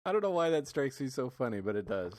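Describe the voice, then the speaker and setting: Man, podcast co-host, casual chat, mid pitch, easygoing, laughs readily. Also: very animated, quick pace, a little mellow, no echo.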